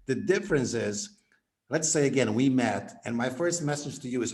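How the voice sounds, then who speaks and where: Lively business coach man acting out dialogues. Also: medium pitch, normal speed. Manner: animated, acts out sample dialogues in quoted voices. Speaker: podcast guest, business coach. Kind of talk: conversational interview.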